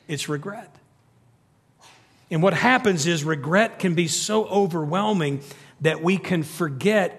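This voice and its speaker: A middle-aged man preaching a sermon, telling stories with animated energy that climbs to near-shouts. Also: high-pitched, slightly rough. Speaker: pastor. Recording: long reverb of a large hall.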